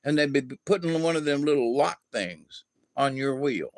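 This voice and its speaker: A man giving an opinionated monologue, talking slowly and deliberately and acting out quoted dialogue. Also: on the high side, animated, no echo. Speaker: video host.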